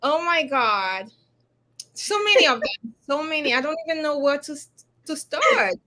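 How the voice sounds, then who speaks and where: A woman's voice: high voice, sing-song, normal speed, sharp tone. A woman from Haiti, a law firm owner speaking candidly and reflectively as a guest in a podcast interview.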